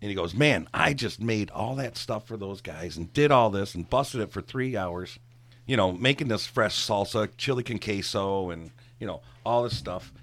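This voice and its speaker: A middle-aged man spins a rambling, profane story in easygoing chat. His voice sits on the low side, and he gets animated and loud as he retells it. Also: moderate pace. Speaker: guest storyteller, former bartender.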